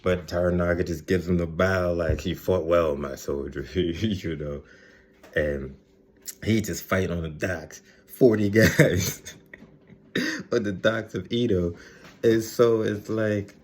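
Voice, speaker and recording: A man with a deep, steady voice takes his time recapping a TV episode for his video audience. He rambles casually, laughs often, and mimics the characters.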